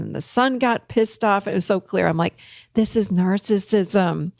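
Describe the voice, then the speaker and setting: A woman's voice: mid-range voice, brisk, creaky, no echo, clean studio sound. A woman therapist talking casually to her audience, telling a client story and acting out the people in it. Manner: storytelling, animated when quoting others. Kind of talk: casual talk.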